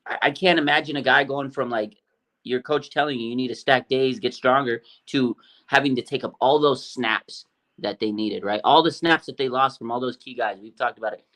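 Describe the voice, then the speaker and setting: A man co-hosting a sports podcast, talking in a quick, animated and opinionated way with many fillers. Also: mid-range voice. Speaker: podcast co-host. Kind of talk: casual sports talk.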